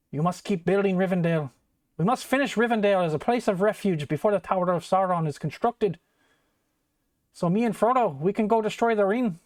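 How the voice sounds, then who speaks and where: A man's voice: high voice, no echo, clean studio sound, voice pushed up, natural voice. A man voicing an earnest hobbit gardener with a put-on Scottish lilt, giving a pleading pep talk.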